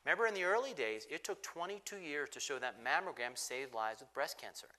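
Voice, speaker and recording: A man speaking as a physician on a discussion panel, explaining emphatically and moving quickly from point to point. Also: fairly high pitch, lively intonation, sharp tone.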